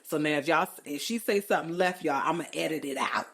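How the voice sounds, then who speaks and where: A middle-aged woman with a low voice hosts a podcast in a casual, chatty way. She speaks emphatically and playfully, leaning on colloquial phrasing. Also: quick pace, creaky, heavy background noise. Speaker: podcast host. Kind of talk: casual chat.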